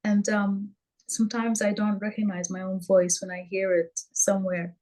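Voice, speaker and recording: A woman's voice: medium pitch, completely flat delivery, normal speed, mellow, poor audio. A woman sharing her experience in a group workshop, hesitant and full of ums and restarts. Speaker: workshop participant.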